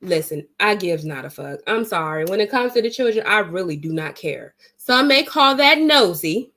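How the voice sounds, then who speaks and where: A woman's voice: mid-range voice, sing-song, moderate pace, bright, forceful tone. A woman vlogger telling a story in a casual, blunt and emphatic way, swearing freely and retelling it dramatically.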